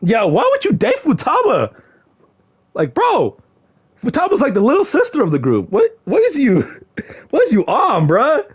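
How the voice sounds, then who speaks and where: Young streamer guy with a high, bouncy voice, slangy and excitable, prone to yelling. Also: normal speed, breathy edge. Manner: excitable, shouts in mock frustration, slangy with lots of "bro". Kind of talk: casual livestream chat to viewers.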